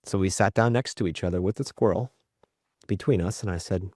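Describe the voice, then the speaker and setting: A man with a fairly low voice tells candid family stories as a podcast guest. He is reflective and often checks in with "right?" He brings quoted moments to life with a jump in energy, and the sound is dry and close. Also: fairly quick, dry recording. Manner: lively acted-out quotes in his stories. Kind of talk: candid storytelling in conversation.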